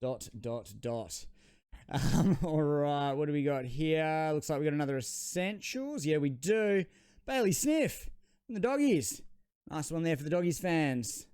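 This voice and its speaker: An Australian man chatting his way through a card unboxing, rambling and joking at his own expense. His voice sits a bit high and sounds smooth and resonant, and the recording is close and dry with no room echo. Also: animated, measured pace, a little mellow. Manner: chatty, rambling, self-deprecating. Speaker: trading card channel host. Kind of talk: casual unboxing commentary.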